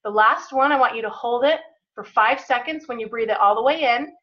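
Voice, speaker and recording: A woman's voice: fairly high pitch, brisk, dull audio. A woman leading a motivational team call, encouraging and emphatic, guiding listeners through breathing. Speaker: team leader hosting a call.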